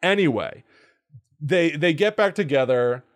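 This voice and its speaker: A man's voice: a little high, lively intonation, a little slow. Man casually retelling a film plot. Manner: amused storytelling with frequent laughs. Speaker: podcast host.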